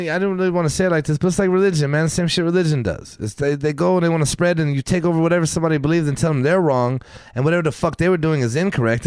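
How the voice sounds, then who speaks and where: A man's voice: on the high side, no echo. A man co-hosting a podcast, talking in an emphatic, profane rant full of casual slang. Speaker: podcast co-host. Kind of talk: casual chat.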